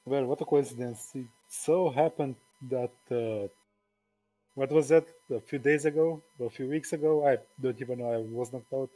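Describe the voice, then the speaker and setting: A man's voice: mid-range voice, moderate pace, mellow, soft background music. A man playing his character in a tabletop game, talking in a casual, reassuring way. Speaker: player. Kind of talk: in-character role-play.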